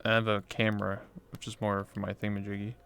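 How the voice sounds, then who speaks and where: A man's voice: fairly low pitch, completely flat delivery, quick pace, gravelly, fairly bright tone, smooth. A man hosting a casual interview, talking in a rambling way with many fillers and restarts. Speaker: interview host and streamer. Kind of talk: casual chat.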